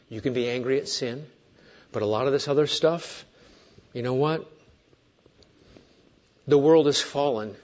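A man in his sixties preaching a sermon as pastor, swinging between hushed asides and raised emphatic points with joking digressions. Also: fairly high pitch, muffled recording.

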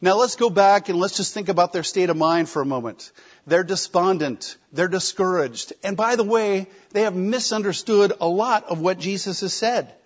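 A man preaching a sermon, emphatic, with rhetorical questions and shifting loudness. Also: high voice, normal speed. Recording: slightly dull lo-fi recording.

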